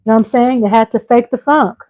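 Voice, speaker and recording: A woman's voice: fairly high pitch, fast, dark tone, no room sound, rough recording. A middle-aged woman hosting a casual live stream. She reads out viewer comments and chats back to them, calling her viewers y'all and breaking into exclamations.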